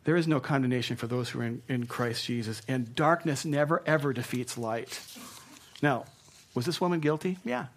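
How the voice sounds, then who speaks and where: A man's voice: medium pitch, normal speed, a little hiss or hum. Earnest male pastor preaching. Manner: earnest and emphatic, dropping soft for tender points. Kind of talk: sermon.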